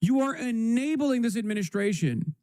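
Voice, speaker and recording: A man's voice: very high-pitched, expressive, moderate pace, darkish tone. A man ranting angrily on a live stream, swearing often and emphatic. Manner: angry, profane, emphatic.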